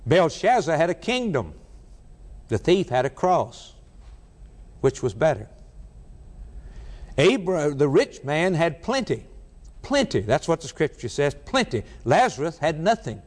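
A man's voice: on the high side, darkish tone. Middle-aged guy preaching, hammers words over and over, long echo like a big church. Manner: emphatic, repeats key words, dramatic pauses. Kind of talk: sermon. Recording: long reverberant hall.

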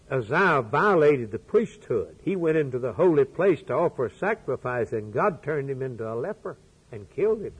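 Male preacher, husky, unhurried delivery, dramatic swings from loud to hushed. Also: fairly high pitch, poor audio. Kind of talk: sermon.

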